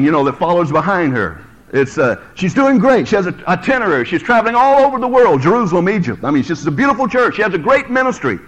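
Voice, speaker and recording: Male preacher, middle-aged, from the US: high-pitched, swooping delivery, jokes with his congregation through a lively sermon. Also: poor audio. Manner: animated, storytelling, joking with the congregation.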